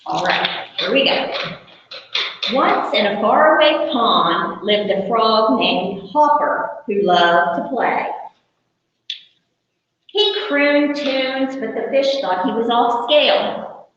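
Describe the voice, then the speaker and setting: A librarian reading a picture book aloud to children, animated and playful, her voice climbing and dipping with each line. She reads slowly and clearly. The sound is distant, dull and boomy in a large echoing room. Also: a little hiss or hum. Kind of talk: storytime read-aloud. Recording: far-off echoey hall, muffled.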